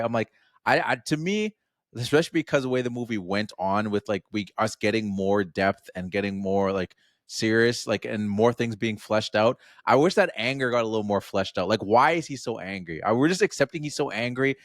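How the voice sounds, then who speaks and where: A man co-hosting a podcast, chatting casually about a film in a rambling, animated way and acting out little quotes. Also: lowish voice, a little fast, no echo, studio quality. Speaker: podcast co-host. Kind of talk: casual film review chat.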